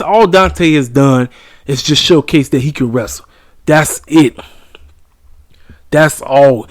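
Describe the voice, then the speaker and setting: A man's voice: on the high side, dry recording. A man hosting his own wrestling review channel, ranting in a blunt, emphatic, casual way.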